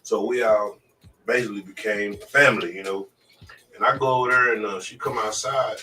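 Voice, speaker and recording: A man tells a story in casual chat and bursts into loud acted-out exclamations along the way. He sits a bit back from the mic, and faint music plays behind him. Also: lowish voice, steady tone, brisk, far from the mic, rough recording. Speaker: podcast co-host.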